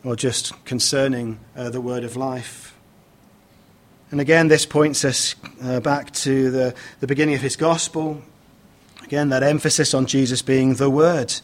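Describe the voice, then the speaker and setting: A man preaching a sermon, speaking in a measured way with many "uh" fillers and restarts as he reads scripture aloud and explains it. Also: medium pitch, fairly even intonation.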